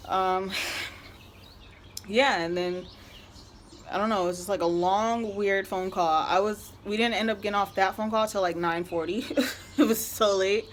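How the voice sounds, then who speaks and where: A woman's voice: medium pitch, steady tone, unhurried, pauses often, a little hiss or hum. A young woman telling a story in a casual, exasperated rant, peppered with filler words. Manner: chatty, exasperated, heavy use of "like". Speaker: vlogger.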